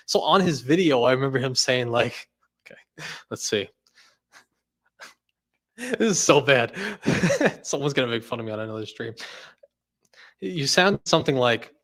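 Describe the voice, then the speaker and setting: A man's voice: mid-range voice, animated, moderate pace, long pauses, a bit bright. A young man hosting a casual livestream, who rambles, laughs often and leans on "like" fillers. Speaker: host.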